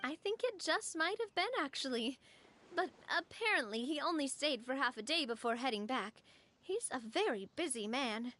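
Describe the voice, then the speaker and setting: A woman voicing a cheerful, playful young woman in a game, teasing and lively. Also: high voice, moderate pace. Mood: matter-of-fact. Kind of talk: game voice acting.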